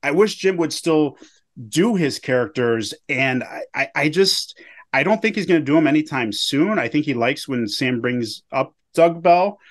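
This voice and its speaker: A man's voice: on the high side, lively intonation, normal speed. Male co-host, easygoing banter, plenty of jokes. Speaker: podcast co-host. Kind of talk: casual recap chat.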